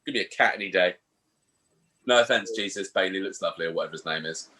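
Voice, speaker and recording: A man, co-hosting a casual podcast and telling stories in a sweary, animated way. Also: low voice, fast. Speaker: podcast co-host. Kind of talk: casual chat.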